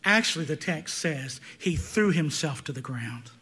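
A man preaching a sermon, swinging between loud emphatic peaks and hushed, intense passages. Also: fairly high pitch, animated, a little slow, husky. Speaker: pastor.

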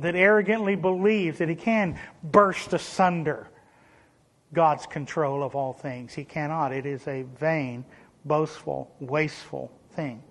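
Earnest man preaching. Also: fairly high pitch. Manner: earnest preaching with sudden emphatic rises and sarcastic asides. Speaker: pastor. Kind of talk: sermon.

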